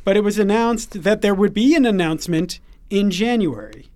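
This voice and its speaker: Male podcast host, 40s, playful and quick to tease, runs the show; dry close-mic sound. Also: high voice, expressive, darkish tone, no echo. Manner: playful, teasing, runs the segments. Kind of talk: casual podcast chat.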